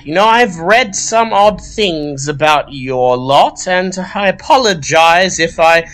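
A man's voice: animated, slow pace, a bit bright. A man voicing a stern, dismissive woman librarian in her forties, in a prim, curt voice. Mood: polite. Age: 40s. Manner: prim, curt, high-pitched put-on voice.

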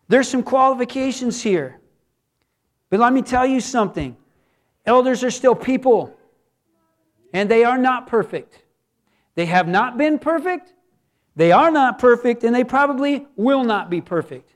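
A man's voice: very high-pitched, animated, measured pace, pauses often. A man who is a pastor, preaching a sermon earnestly and repeating words for emphasis.

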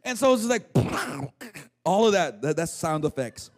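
A male pastor preaching a sermon, retelling a scripture story with animated asides, jokes and calls to the congregation. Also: high-pitched, fairly quick.

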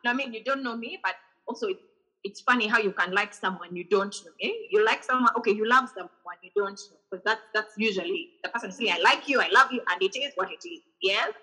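A woman's voice: medium pitch, brisk, breathy edge, rough recording. A woman hosting a podcast over a video call, telling a personal story in casual chat and acting out the messages she received. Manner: animated storytelling, acts out quoted messages. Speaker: podcast host.

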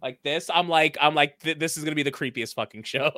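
A man co-hosting a casual podcast chat, animated and swearing freely, with quick restarts. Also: on the high side, dry recording, studio quality. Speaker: podcast co-host.

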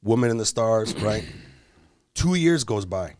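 A man's voice: lowish voice, unhurried, no room sound, studio quality. A man from Detroit, a comedian guest on a podcast, telling a long story in casual talk, swearing freely and voicing the people in it. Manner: animated storyteller, swears freely, voices the people in his stories.

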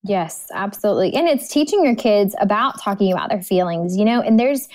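A woman's voice: medium pitch, expressive, brisk, darkish tone, no echo. A woman guest on a podcast, telling personal stories in an earnest, heartfelt way. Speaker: podcast guest, ministry speaker. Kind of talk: casual interview chat.

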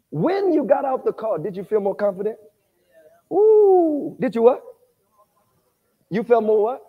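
A man preaching at a Bible study, animated, quizzing the congregation and rising to shouts. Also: very high-pitched, slightly rough, long reverb tail, lo-fi sound. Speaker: pastor. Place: church sanctuary.

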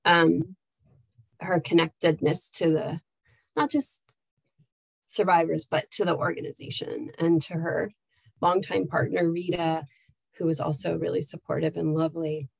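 Candid lower-voiced woman, dry sound. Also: fairly even intonation, unhurried, vocal fry, long pauses, slightly rough, no echo, poor audio. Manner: candid, warm-hearted storytelling with fillers. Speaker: nonprofit staff leader. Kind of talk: casual reflective chat.

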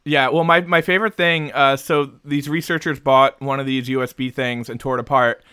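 A man's voice: medium pitch, fairly even intonation, fairly quick, sharp tone, clear, resonant tone, dry recording, studio quality. A man from Jersey City co-hosting a casual podcast, joking, swearing freely and laughing often. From Jersey City, USA. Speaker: podcast co-host.

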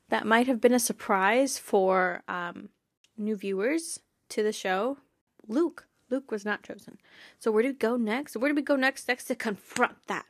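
A young woman chats on her podcast in a bubbly, giggly way, her sentences full of fillers. Her voice sits at an ordinary middle pitch for a woman. The sound is dry and close, with no room around it. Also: moderate pace, dry recording. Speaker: podcast host. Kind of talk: casual fan podcast chat.

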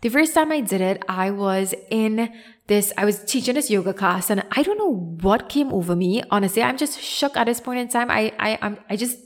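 A young woman with a Trinidadian accent tells a story on her podcast. She talks casually and with lots of animation, pokes fun at herself, and acts out the voices of the people she quotes. Her pitch sits in an ordinary middle range. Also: expressive, normal speed. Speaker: podcast host.

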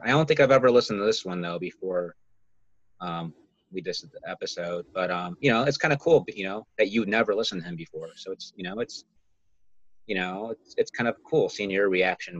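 A man's voice: sits low, no room sound, lo-fi sound. A man co-hosting a casual podcast, rambling and padding his talk with "you know.". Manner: rambling, heavy "you know" filler, laughs often. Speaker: podcast co-host.

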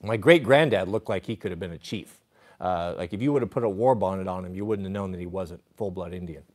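A man's voice: sits low, fast, darkish tone. A man hosting a livestream who tells a long story in a rambling way, with restarts and acted quotes. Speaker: host.

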